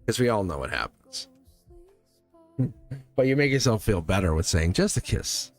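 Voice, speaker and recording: A man's voice: fairly low pitch, very animated, normal speed, faint music behind. A man hosting a live tarot reading, chatty and reassuring, speaking straight to a viewer and often laughing.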